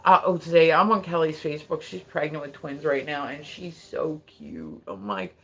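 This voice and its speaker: Gravelly, rambling streamer with a New Jersey accent. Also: medium pitch, normal speed, a bit bright. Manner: rambling, profane, tangent-prone. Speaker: live streamer. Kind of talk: casual rambling live-stream chat.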